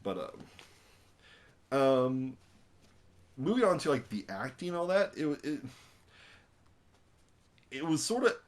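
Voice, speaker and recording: A young man giving a casual spoken film review, rambling and animated, with many fillers and restarts. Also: medium pitch, slow, long pauses.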